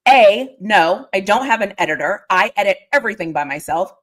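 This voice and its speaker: A woman's voice: medium pitch, lively intonation, fairly quick, fairly bright tone. A woman hosting a casual football livestream, chatty and playful, laughing often and repeating her phrases. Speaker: host. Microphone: desk or portable mic.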